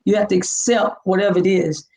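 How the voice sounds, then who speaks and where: A woman's voice: mid-range voice, a little fast, rough recording. A woman, a guest from Alabama telling a personal story and acting out the dialogue. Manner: animated, acts out dialogue.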